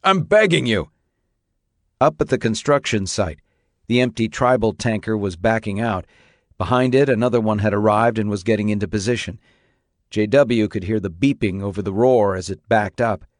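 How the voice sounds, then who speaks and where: A man reading an audiobook aloud in a steady, measured narrating style. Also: lowish voice, no echo, clean studio sound. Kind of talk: scripted narration.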